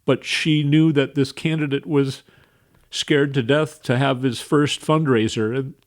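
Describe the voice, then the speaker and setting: A man hosting a radio show, tearful and weepy, speaking haltingly with restarts. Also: medium pitch, steady tone. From Minnesota. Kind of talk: emotional radio monologue.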